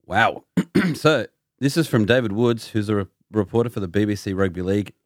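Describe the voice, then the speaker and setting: Male podcast host, low voice, playful quizmaster energy. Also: moderate pace, no room sound, clean studio sound. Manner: playful, quizzing his co-hosts. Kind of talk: casual chat.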